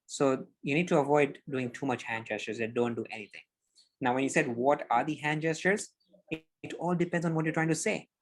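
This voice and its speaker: A man giving public speaking tips on a podcast over a video call, explaining in an animated, demonstrative way. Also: fairly high pitch, brisk. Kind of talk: instructive podcast conversation.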